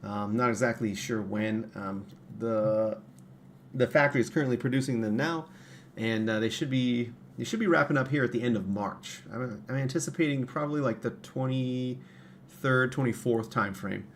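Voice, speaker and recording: A man's voice: medium pitch, moderate pace, slight background noise. A man hosting his own livestream, talking casually and rambling with many fillers and restarts at his computer. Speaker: livestream host and parts maker.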